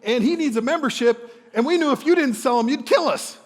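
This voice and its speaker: A man on stage voicing an excited, breathless young male gym employee who blurts out his words urgently. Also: extremely high pitch, brisk, pitched above the performer's own voice. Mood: panicked. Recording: long hall reverb.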